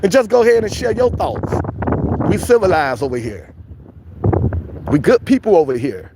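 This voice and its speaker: A man's voice: sits high, very animated, moderate pace, vocal fry, background noise. A man hosting a casual livestream chat, preachy and repetitive, calling his viewers family. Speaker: livestream host.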